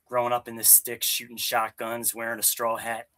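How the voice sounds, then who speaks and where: A man's voice: medium pitch, completely flat delivery, moderate pace, pushed and bright. A young man from Maryland talking casually and profanely while working out, rambling and answering his live chat. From Maryland, USA. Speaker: fitness vlogger. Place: home gym.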